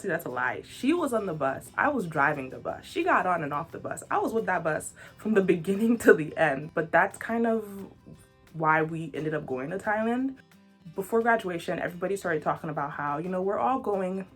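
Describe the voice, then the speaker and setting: Animated young woman telling a story, husky voice. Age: 20s. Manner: animated and joking, with big pitch jumps. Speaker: vlogger. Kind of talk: casual storytelling to camera.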